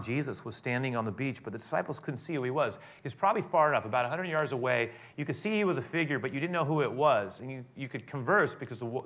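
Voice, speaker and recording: A man preaching a sermon, retelling a story in a conversational way that swells into emphatic high points. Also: a bit bright. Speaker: pastor.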